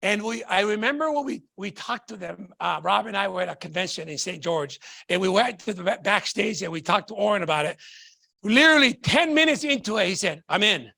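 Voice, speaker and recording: A man giving an excitable, repetitive sales pitch to an audience, calling them folks and guys. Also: a little fast, creaky. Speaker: business presenter.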